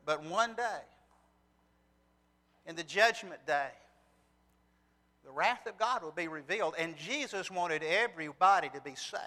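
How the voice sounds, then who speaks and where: A man's voice: a little high, lively intonation, unhurried, long pauses, bright, forceful tone. A man preaching a sermon. He talks earnestly, asks rhetorical questions, and reads passages of scripture aloud. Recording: long reverb from a large hall.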